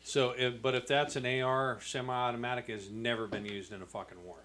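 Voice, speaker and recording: A man's voice: medium pitch, little pitch movement, a little fast, a bit bright. A man hosting a casual podcast chat, blunt and dismissive, swearing freely. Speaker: podcast host.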